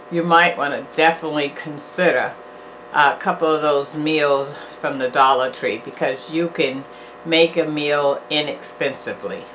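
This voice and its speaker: A woman's voice: low-pitched, a bit bright, a little hiss or hum. An older woman hosting a casual food review vlog, chatty and encouraging, sometimes preachy and repetitive. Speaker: channel host, food reviewer.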